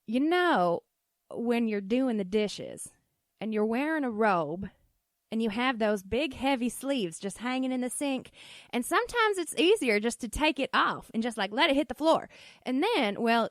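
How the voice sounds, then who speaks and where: A woman's voice: on the high side, expressive, normal speed, no echo, studio quality, lightly acted. A woman putting on a Southern accent to voice her flustered, chatty middle-aged mother. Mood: defensive. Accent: Southern US, put on.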